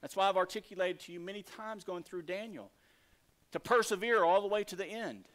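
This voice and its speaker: A man, the lead pastor, preaching a sermon with emphatic rises and soft asides. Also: sits high, brisk. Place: church sanctuary.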